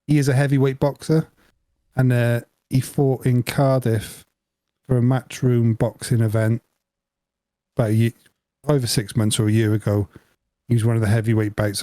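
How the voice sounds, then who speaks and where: A man co-hosting a podcast, telling an animated story through laughter in casual chat. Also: mid-range voice, moderate pace, no room sound. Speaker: podcast co-host.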